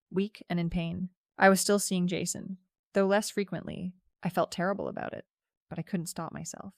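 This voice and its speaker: Woman, scripted story narration, steady, reflective, low voice, dry sound. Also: creaky, dry recording.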